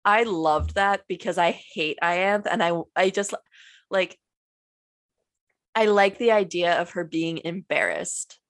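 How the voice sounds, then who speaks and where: A woman co-hosting a book podcast, chatting casually with lots of "like" and easy laughter. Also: fairly low pitch. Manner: chatty, peppered with "like", quick to laugh. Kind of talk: casual chat.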